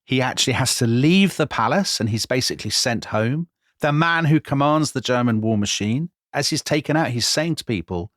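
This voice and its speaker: A man retells history in an animated, conversational way, as a podcast co-host. His pitch sits in the middle of the male range. The sound is dry and close. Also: normal speed, no echo. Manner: vivid, dramatic retelling with quoted voices. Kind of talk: animated storytelling chat.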